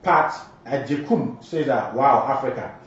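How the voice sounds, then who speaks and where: A Ghanaian-accented man hosts a live show at a mid-range pitch, switching between Twi and English as he gives advice and reads viewer comments. His delivery is emphatic. He sounds set back from the mic in a very echoey space, and the sound is dull and lo-fi. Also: a little slow, distant mic. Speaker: morning show host.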